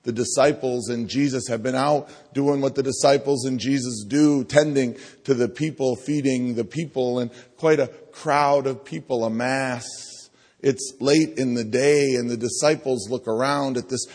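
A pastor preaching a sermon in a church, talking conversationally and coaxing the congregation to repeat phrases to each other. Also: male voice, medium pitch, steady tone, moderate pace, darkish tone. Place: church sanctuary. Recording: long hall reverb.

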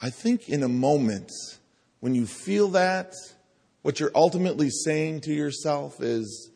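A pastor preaching a sermon in a church, talking conversationally and coaxing the congregation to repeat phrases to each other. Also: male voice, medium pitch, moderate pace, a little mellow. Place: church sanctuary. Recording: long hall reverb.

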